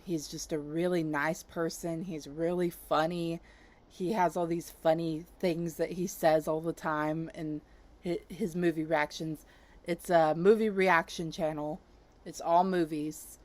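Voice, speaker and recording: A woman hosting her own channel, chatting casually and enthusiastically, rambling with fillers and soft laughs. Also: deep voice. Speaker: YouTube channel host. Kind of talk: casual chat, recommending channels.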